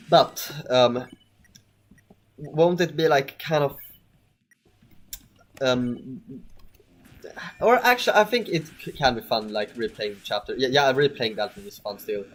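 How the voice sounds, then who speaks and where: A man giving casual let's-play commentary, rambling and hesitant with frequent stammers and restarts. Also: medium pitch. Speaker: gameplay commentator.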